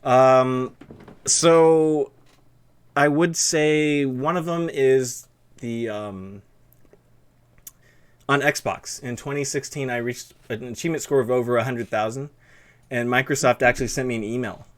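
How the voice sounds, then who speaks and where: A man's voice: mid-range voice, fairly even intonation, a little slow, pauses often. A young man with a lisp hosting a stream interview, talking in a loose, rambling way full of fillers. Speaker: stream host interviewing a guest. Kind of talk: casual chat.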